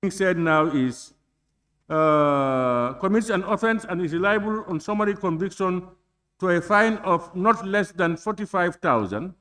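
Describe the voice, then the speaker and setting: Man, high voice, formal chair, deliberate clause-by-clause reading. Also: fairly bright tone. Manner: deliberate, reads clauses slowly and puts questions. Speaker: chairing a parliamentary committee. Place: legislative chamber.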